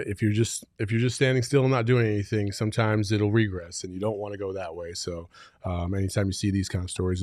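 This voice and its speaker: A man co-hosting a casual sports talk show, talking in an animated, reflective way. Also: low voice, no room sound, clean studio sound. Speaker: co-host.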